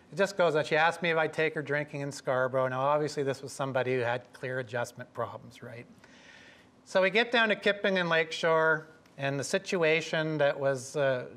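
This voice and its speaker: A middle-aged man from Canada telling a lively story to an audience, acting out the voices of the people in it. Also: mid-range voice. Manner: lively, acts out quoted voices. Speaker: professor telling a story at a talk.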